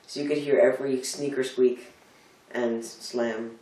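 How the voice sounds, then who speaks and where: A man's voice: mid-range voice, fairly even intonation, measured pace, warm tone, distant mic. Man with a Philadelphia-area American accent, echoey room. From Delaware County, United States. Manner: rambling, filler-heavy storytelling. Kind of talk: casual chat.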